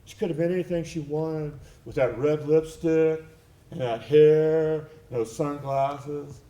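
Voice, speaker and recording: A man's voice: fairly high pitch, steady tone, measured pace, mellow. A man performing a theatrical one-man monologue on stage, telling his story in a reflective, tender and wry way. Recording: echoey live theater recording.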